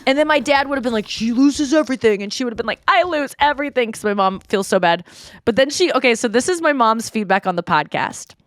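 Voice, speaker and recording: A woman in her thirties hosts a podcast, chatting casually and breaking into giggles as she reads texts aloud. Her voice sits a little high, and the sound is close and dry. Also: lively intonation, fast talker, no room sound. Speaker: podcast host. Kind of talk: casual chat.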